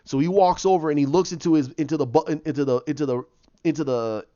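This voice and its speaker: A man casually retelling his own story idea, rambling and animated as he goes. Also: on the high side, fast talker, no echo. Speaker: fan pitching a film plot. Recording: dull lo-fi dry mic.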